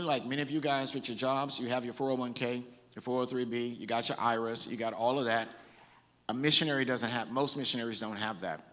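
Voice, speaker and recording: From the stage of a church hall full of long reverb, a Southern California bishop preaches in an earnest, talky manner. He restarts sentences often, his medium-pitched voice fairly bright.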